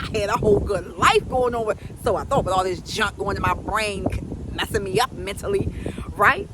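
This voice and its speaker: Lively high-voiced woman coach, street noise. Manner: animated, folksy, emphatic, preachy. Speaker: health coach. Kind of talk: casual storytelling to camera.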